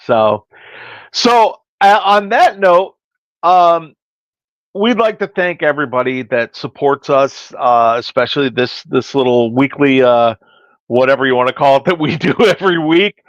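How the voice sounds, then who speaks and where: A man's voice: mid-range voice, measured pace, no echo, highs cut off. A man hosting a podcast and working as a hairstylist, telling stories in casual chat and acting out the dialogue in them. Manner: storytelling, acting out quoted dialogue.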